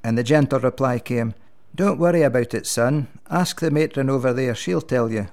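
A man, a minister, runs through a string of church jokes. His delivery is dry and gentle, and his punchlines come quickly. His voice sits at an everyday middle pitch.

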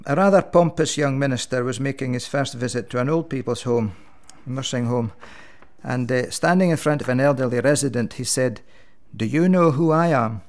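A man, a minister telling church jokes one after another with a dry, gentle delivery and quick punchlines. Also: mid-range voice.

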